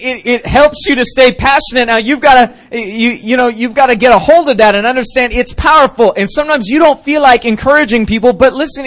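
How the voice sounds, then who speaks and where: A man's voice: very high-pitched, fairly bright tone. A man preaching a casual youth sermon at a church service, chatty and jokey, with frequent restarts. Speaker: youth pastor.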